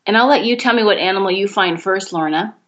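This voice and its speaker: A woman's voice: medium pitch, fast, lo-fi sound. A woman leading a laughter yoga exercise, encouraging and explaining each step.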